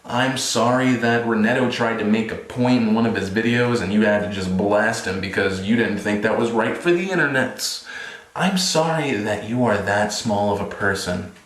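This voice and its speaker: A man's voice: lowish voice, moderate pace, a bit bright. Sarcastic young man in an echoey room. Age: 20s. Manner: mock-apologetic, sarcastic. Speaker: vlogger. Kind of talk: sarcastic casual vlog.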